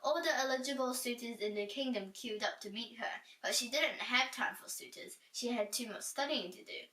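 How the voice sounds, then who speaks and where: Bright-voiced woman reading a storybook. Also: fairly high pitch, moderate pace. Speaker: storybook reader. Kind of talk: reading a children's book aloud. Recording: roomy echo, distant from mic.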